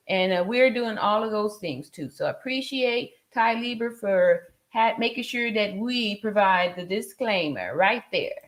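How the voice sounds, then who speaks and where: A woman's voice: mid-range voice, lively intonation, unhurried, few pauses. A woman in her forties hosting a casual livestream, chatting loosely with many fillers and frequent laughs. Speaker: livestream host. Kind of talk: casual livestream chat reading viewer comments.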